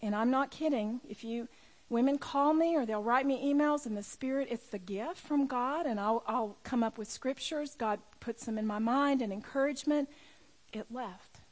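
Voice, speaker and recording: A middle-aged woman with a high voice gives a personal testimony to an audience. She speaks as a women's ministry speaker, telling her story with emphasis and pushing her voice near a shout at the big moments. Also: moderate pace. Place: room with a live audience.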